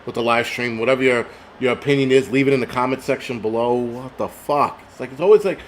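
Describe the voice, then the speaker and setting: Hosting a live stream while slightly drunk on liquor, a middle-aged man talks fast in a mid-range voice, swearing through a casual rant and reading out chat comments. Slight background noise is audible.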